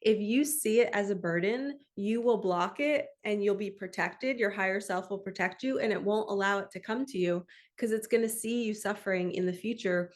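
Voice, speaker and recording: Soft-spoken woman spiritual coach. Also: mid-range voice. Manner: soft, affirming, speaks self-talk phrases slowly. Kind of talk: motivational talk to camera.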